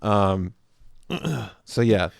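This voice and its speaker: A man with a fairly low voice tells a rambling story on a podcast. He acts out the quoted lines and laughs a lot. The sound is dry and close to the mic. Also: expressive, very slow, creaky, no echo. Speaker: podcast co-host. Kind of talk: casual storytelling chat.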